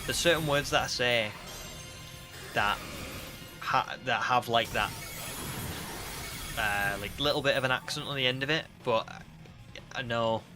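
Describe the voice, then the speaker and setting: A man's voice: mid-range voice, measured pace, long pauses, music in the background. Chatty northern English man streaming. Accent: northern English with a slight Scouse twang. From northern England. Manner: chatty, rambling, reads viewer comments aloud. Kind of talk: casual live-stream chat.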